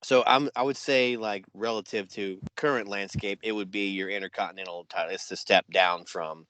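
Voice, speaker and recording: A man co-hosting a casual podcast eagerly walks through a wrestling match blow by blow, sprinkling in plenty of "you know" and "yeah." His voice is on the low side, steady and fairly bright, at a normal speed.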